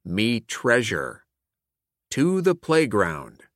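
A gruff old seadog of a pirate with a deep, slow growl, put on by a man reading a storybook aloud. He rolls out his arrs and ayes with salty relish, swinging widely in pitch. Underneath the bluster sits a kind heart. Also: sing-song, bright, forceful tone, dry recording, studio quality, full character voice. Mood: boisterous.

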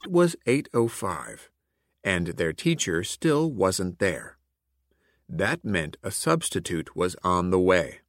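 A man reads a children's story aloud, slow and deliberate, with a lively, sweeping melody. His voice sits on the lower side. The sound is close and dry. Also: no room sound. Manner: clear and expressive, like a teacher reading aloud. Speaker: storybook reader.

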